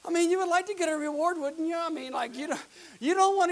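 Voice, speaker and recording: High-voiced, bright folksy pastor man. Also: fast talker, low-quality recording. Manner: folksy, energetic preaching; bursts into loud shouted quotes. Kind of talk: sermon.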